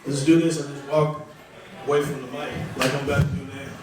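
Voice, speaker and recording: A man's voice: medium pitch, level tone, a little fast, noisy background. A man doing a stand-up comedy set in a small club, rambling and conversational, poking fun at himself. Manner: rambling, conversational, self-deprecating. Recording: echoey room, voice from far off.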